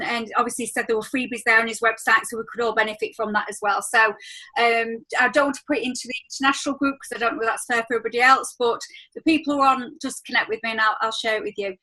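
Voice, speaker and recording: Gushing high-voiced woman. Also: pushed and bright, rough recording. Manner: chatty and gushing, rambling with fillers. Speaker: host of a team training call. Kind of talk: casual chat on a video call. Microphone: video call.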